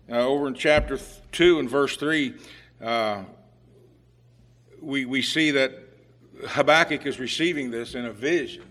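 A man preaching a sermon in a conversational way, with fillers and restarts, who rises to loud, emphatic pleading when he voices the prophet's cries. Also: medium pitch.

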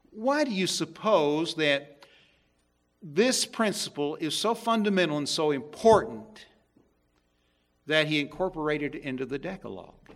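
A male preacher delivering a sermon, emphatic, swinging between loud stresses and hushed asides. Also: mid-range voice, creaky.

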